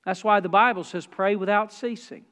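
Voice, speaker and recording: Folksy preacher man, high voice. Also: moderate pace, long reverb tail. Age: 40s. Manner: folksy, swings from hushed to loud. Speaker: pastor. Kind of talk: sermon with storytelling.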